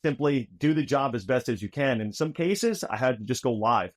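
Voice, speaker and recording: A man's voice: mid-range voice, expressive, moderate pace. A man, a podcast guest who hosts a trivia show, talking energetically from his home recording studio and calling people dude and my friend. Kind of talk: lively storytelling conversation. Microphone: studio microphones overhead.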